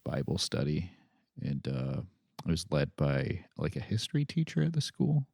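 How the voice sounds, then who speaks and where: A man co-hosting a podcast, chatting casually in a laid-back, halting way with lots of fillers. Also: rumbling low, big pitch swings, creaky, darkish tone, dry recording, clean studio sound. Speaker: podcast co-host.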